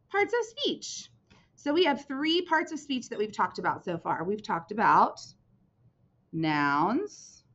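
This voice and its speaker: A woman teacher giving a recorded lesson to young children, checking in with "right?" and "okay?" after each point. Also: mid-range voice. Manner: animated, sing-song teacher voice with frequent "right?" and "okay?" checks. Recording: dull lo-fi recording.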